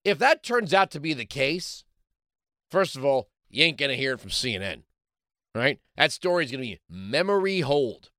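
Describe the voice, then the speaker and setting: A man's voice: medium pitch, sing-song, moderate pace, sharp tone, no room sound, studio quality. A man hosting a political talk show, delivering a combative, sarcastic commentary monologue.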